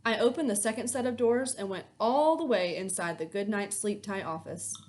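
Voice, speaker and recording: A woman teacher reading a children's novel aloud to her class, with expressive storytelling. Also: medium pitch, moderate pace. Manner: expressive storytelling, lively intonation.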